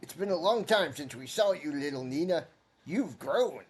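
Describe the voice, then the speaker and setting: A man voicing an old male cat-folk village elder in a video game, gruff and proud with a huffy, blustering manner. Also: on the high side, animated, moderate pace. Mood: reminiscing. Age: older.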